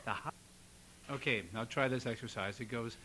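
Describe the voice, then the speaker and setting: A man teaching a singing lesson, coaching a student with lively encouragement and sung demonstrations. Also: mid-range voice, normal speed, rough recording.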